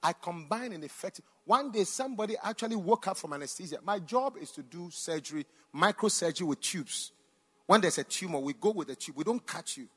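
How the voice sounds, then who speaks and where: A man, a pastor and doctor, preaching a sermon with personal stories, swinging between loud exclamations and quiet asides, in a church hall. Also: sits high, animated, brisk, slightly rough. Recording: long reverb in a large hall.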